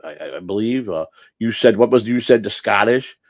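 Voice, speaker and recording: A man's voice: lowish voice, normal speed, no echo. A man hosting a casual livestream, rambling and blunt, swearing freely and restarting his sentences. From United States. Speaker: livestream host.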